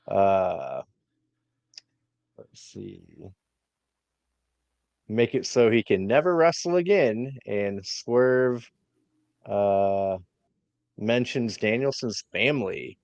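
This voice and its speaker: A man co-hosting a wrestling podcast, recapping the show slowly and hesitantly with many fillers, on a dull lo-fi mic. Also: on the low side, a little mellow, no echo. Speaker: podcast co-host.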